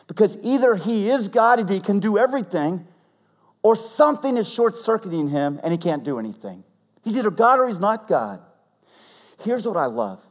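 A male pastor preaching a sermon in a casual, animated way, acting out quotes as he goes. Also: high voice, a little slow. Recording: long hall reverb.

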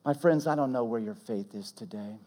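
A man preaching a sermon as pastor, swinging from loud emphatic peaks to hushed, almost whispered lines. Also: mid-range voice, brisk. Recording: long reverb of a large hall.

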